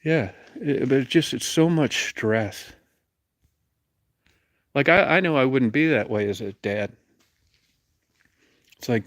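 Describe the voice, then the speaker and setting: A man's voice: mid-range voice, takes it slowly, pauses often, no echo. A middle-aged man telling a crude, rambling, profane story and acting out the people in it. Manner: profane, rambling, acts out quoted voices.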